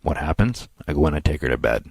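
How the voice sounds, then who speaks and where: A man co-hosting a podcast, chatting casually and telling family stories, sometimes dropping to a low murmur. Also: lively intonation, fast talker, no echo. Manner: storytelling, drops to a near murmur when reflective. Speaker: podcast co-host. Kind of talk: casual chat.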